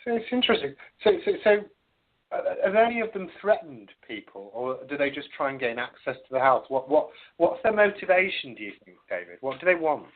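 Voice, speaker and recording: A man hosting a casual podcast interview, eagerly jumping in with quick questions. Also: on the high side, big pitch swings. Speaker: podcast host. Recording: tinny phone-like sound.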